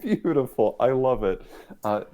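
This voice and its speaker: A podcast host chats casually on a livestream over a video call, playful and self-mocking, laughing often. His mid-range voice is expressive and mellow, a little slow, with some hiss or hum in the background.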